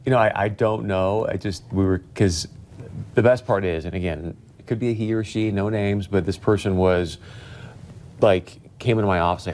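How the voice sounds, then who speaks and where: A man with a very low voice, bantering as a TV news co-anchor in a studio. He teases, tells little anecdotes and keeps the tone light and joking. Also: moderate pace, darkish tone, a little hiss or hum. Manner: teasing, jokey, tells anecdotes. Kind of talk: casual on-air banter between news stories.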